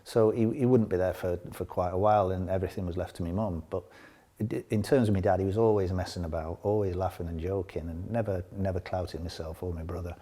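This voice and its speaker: A man's voice: sits low, steady tone, fast, dark tone. Older man telling stories. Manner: rambling anecdotes with frequent laughter. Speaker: interview guest, former footballer. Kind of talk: casual storytelling interview.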